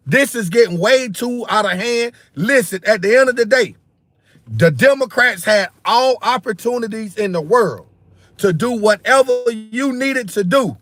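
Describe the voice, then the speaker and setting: A man's voice: high voice, a bit bright, dry recording, clean studio sound. A man, hosting a political commentary livestream. He rants heatedly, repeats himself, and keeps calling his viewers "bro" and "man.". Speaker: political commentary channel host.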